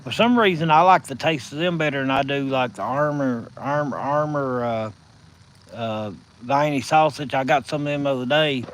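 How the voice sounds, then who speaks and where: A man with a Southern US accent hosting a casual live stream from his phone, telling stories in a folksy, drawn-out way. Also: medium pitch, a little hiss or hum, poor audio. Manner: folksy, drawn-out storytelling with chuckles.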